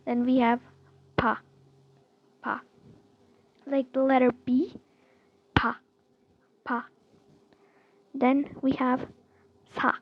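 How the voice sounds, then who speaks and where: A woman teaches letters in an easygoing online lesson, her voice a little high and gravelly with fry. She takes her time and repeats each sound again and again, leaning on fillers. The recording is somewhat dull and lo-fi. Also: flat delivery, slow pace, pauses often. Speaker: language teacher.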